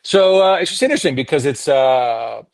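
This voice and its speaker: A man's voice: medium pitch, normal speed, gravelly, no echo. A middle-aged man from Canada, a voice actor talking casually in an interview and slipping into accent demonstrations. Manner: demonstrates accents, animated storyteller. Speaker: voice actor guest.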